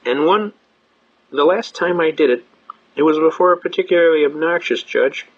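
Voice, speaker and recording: An animated male lecturer spins courtroom stories and acts out the quotes. His voice sits fairly high for a man. The recording sounds dull and lo-fi. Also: normal speed. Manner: animated storyteller, acting out quotes. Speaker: constitutional law lecturer. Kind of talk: seminar storytelling.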